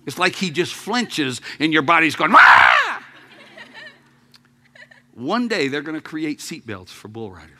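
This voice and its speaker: A man preaching a sermon to his congregation, telling a story with jokes, dropping to quiet murmurs and then rising to loud outbursts. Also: fairly high pitch, sing-song, normal speed, few pauses, heavy background noise. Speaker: pastor. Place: church sanctuary.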